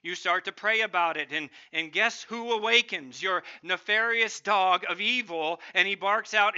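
Emphatic bright-voiced male preacher. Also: high-pitched, moderate pace, few pauses, clean tone, muffled recording. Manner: emphatic, voices a barking dog of evil in loud bursts. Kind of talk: sermon.

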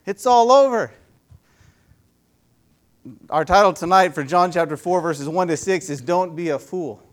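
High-voiced man preaching casually. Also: unhurried. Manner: conversational, asks the audience many questions. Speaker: youth pastor. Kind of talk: casual sermon to a congregation.

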